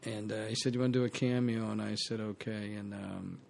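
A man telling show-business stories in casual chat, animated and laughing as he goes. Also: on the low side, fairly quick, creaky. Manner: animated storyteller, laughs mid-sentence. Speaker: actor guest.

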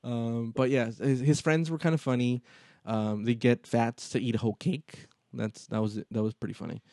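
A man in casual podcast chat, retelling movie scenes in a lively way and acting out the lines. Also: medium pitch, moderate pace, no echo, clean studio sound. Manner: animated storytelling, acts out movie lines. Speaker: podcast co-host.

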